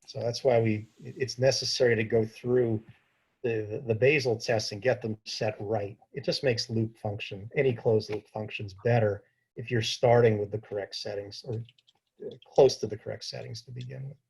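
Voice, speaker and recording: Husky-voiced man, educator fielding questions, calm and explanatory, video call. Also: fairly low pitch, normal speed, rough recording. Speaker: diabetes educator answering questions. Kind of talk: informal Q&A talk.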